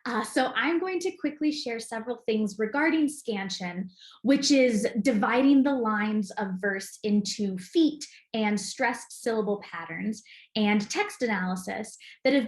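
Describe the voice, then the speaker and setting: A woman giving an enthusiastic, clear recorded lesson as an acting teacher. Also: a little high, echoey room.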